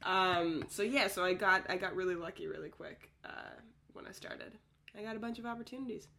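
A woman's voice: on the low side, gravelly, pushed and bright, a little hiss or hum. A woman in her thirties with a Canadian accent, a comedian guest chatting playfully in an interview. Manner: playful, quick jokes and goofy voices. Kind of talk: casual interview chat.

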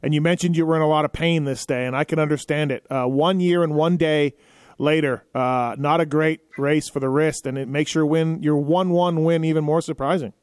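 Dry-sounding laid-back podcast co-host. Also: male voice, on the high side, fairly even intonation, fairly quick, a little mellow, no echo. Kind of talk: casual podcast chat.

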